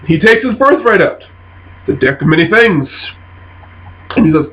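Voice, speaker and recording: Animated man retelling a game session. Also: on the high side. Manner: animated, quick bursts of voiced quotes. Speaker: tabletop game player telling a story. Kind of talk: casual storytelling. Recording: dull lo-fi sound.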